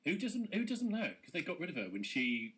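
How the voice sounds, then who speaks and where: An English man co-hosting a local radio comedy show, firing off quick deadpan jokes and silly asides from a studio. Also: sits high, slightly rough. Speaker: radio co-host. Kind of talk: casual comedy chat.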